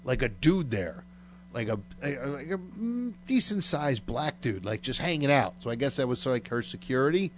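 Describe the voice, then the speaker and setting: A man's voice: medium pitch, sing-song, normal speed, slight background noise. A man telling a long, crude story in casual chat, full of fillers and swearing. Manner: rambling and profane, heavy on fillers.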